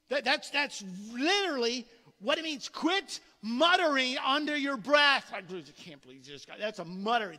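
Male pastor, high ringing voice, lively restarting delivery, long hall echo. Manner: animated preaching with frequent word repetitions. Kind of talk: sermon. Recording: long reverb of a large hall.

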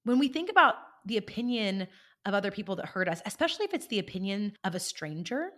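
A woman hosting a coaching podcast in an easygoing, conversational voice. She tells stories with energy and keeps checking in with the listener, pitched right in the middle range for a woman. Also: fast. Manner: animated storyteller, checks in with listeners. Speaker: podcast host and life coach.

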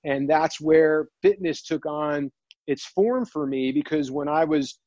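A man earnestly telling a personal story, near tears, halting and restarting often. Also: on the high side, a little mellow, no echo, muffled recording. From New Jersey. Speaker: guest.

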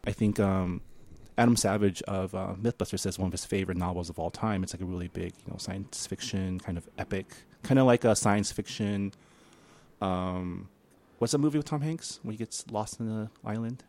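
Low-voiced man rambling with many ums. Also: darkish tone. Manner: rambling, halting, lots of ums and laughs. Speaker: podcast co-host. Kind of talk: casual chat.

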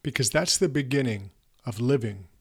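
A man in his fifties speaks as a podcast host, coaching his listeners in an earnest, emphatic way. His voice sits at an ordinary middle pitch for a man. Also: normal speed, husky. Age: 50s. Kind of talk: motivational podcast talk.

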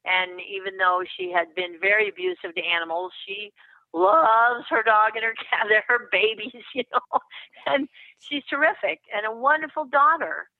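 A woman's voice: mid-range voice, normal speed, dry recording. Older woman on a tinny phone line. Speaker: guest therapist. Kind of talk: casual podcast interview.

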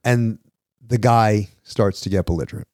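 A man, co-hosting a podcast and telling a story in an animated way, acting out the people he quotes. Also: on the low side, moderate pace, no echo, clean studio sound. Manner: animated, acts out quoted voices. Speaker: podcast co-host. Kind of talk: casual storytelling.

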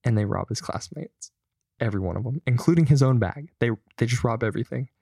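A man's voice: medium pitch, animated, quick pace, gravelly, dark tone, breathy edge, no echo, clean studio sound. A young man co-hosting a podcast, telling stories loosely and swearing freely in casual chat. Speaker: podcast co-host.

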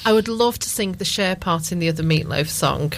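A woman's voice: lowish voice, a little fast, slight background noise. A woman co-presenting a local radio show in casual chat, self-deprecating, with frequent restarts.

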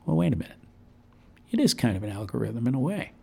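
Gravelly-voiced chatty radio host man. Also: mid-range voice, sing-song, fast, a little mellow. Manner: rambling, enthusiastic, chatty. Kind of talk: casual on-air radio talk. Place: radio studio.

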